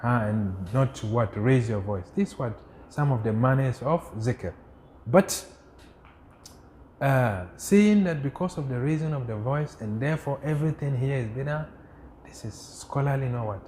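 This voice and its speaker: A man teaching a class on religion, who keeps asking rhetorical "what?" questions, answers them himself, and recites Arabic quotations quickly. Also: medium pitch, a little mellow, a little hiss or hum. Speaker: Islamic studies teacher.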